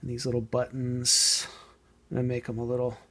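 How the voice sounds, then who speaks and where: A man casually explaining a painting technique as he works, thinking aloud and sometimes trailing off softly. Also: mid-range voice, completely flat delivery, a little fast. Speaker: model painting tutor. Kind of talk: casual hands-on painting tutorial.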